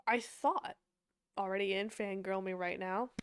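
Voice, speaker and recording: A young woman casually chatting with her livestream chat as an esports caster and analyst, bubbly and quick to laugh. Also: mid-range voice, steady tone, clear, resonant tone, dry recording.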